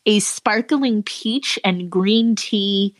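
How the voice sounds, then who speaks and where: A woman co-hosting a casual podcast chat, teasing her co-host with quick, playful quips. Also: mid-range voice.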